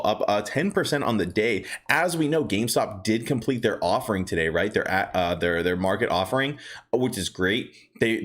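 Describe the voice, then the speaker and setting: A man with a lowish, slightly bright voice hosts a casual stock market livestream. He's chatty and upbeat, greets viewers by name, and tells rambling stories packed with fillers.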